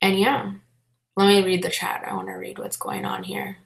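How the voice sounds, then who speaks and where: A woman's voice: mid-range voice, fairly even intonation, moderate pace, gravelly. Chatty young woman in echoey room. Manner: chatty, many fillers, reads chat aloud. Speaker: vlogger. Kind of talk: casual livestream chat.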